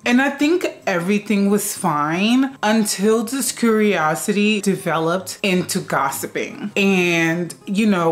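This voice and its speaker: A woman vlogger with a fairly low voice gives casual advice straight to her viewers. She is chatty, peppers her talk with "you know" and throws out rhetorical questions. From Guinea-Bissau.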